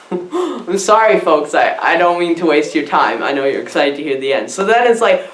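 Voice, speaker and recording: A woman's voice: deep voice, very animated, moderate pace. Giggly rambling woman in an echoey room. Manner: dim-witted, giggly, meandering, acts out the characters. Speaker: comic movie reviewer persona. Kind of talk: rambling comic monologue.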